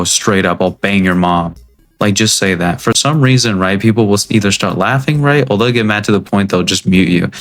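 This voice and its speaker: A young man ranting casually about an online game, blunt and profane, rambling and often tacking on "right?". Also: on the low side. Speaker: gaming video creator. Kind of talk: casual gaming rant.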